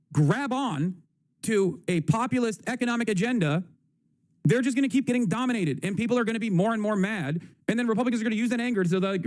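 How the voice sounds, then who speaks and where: A man's voice: high voice, darkish tone, dry recording, clean studio sound. A man hosting a livestream, giving profane, combative and sarcastic political commentary. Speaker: livestream host.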